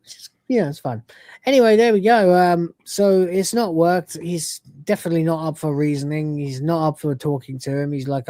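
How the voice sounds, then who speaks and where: A male podcast host in casual chat, rambling through his points with plenty of fillers. His voice is mellow and darkish, recorded dry and close. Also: on the high side, steady tone, normal speed, no echo. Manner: rambling with many fillers, acts out quoted lines.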